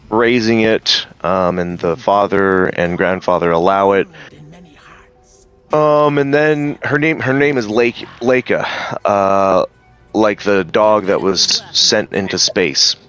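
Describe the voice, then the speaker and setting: A man's voice: on the low side, slow, a bit bright, clean tone, muffled recording, soft background music. A man casually retelling a story, hesitant with many ums and some swearing. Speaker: streamer.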